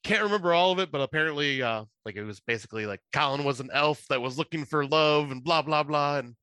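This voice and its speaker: A man from Michigan chats casually on a podcast, spinning a loose, rambling story. His voice is bright and forward. He laughs a lot and swears freely, and the sound is dry and close. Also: a little high, fast, smooth, dry recording. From Michigan, USA. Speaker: podcast co-host.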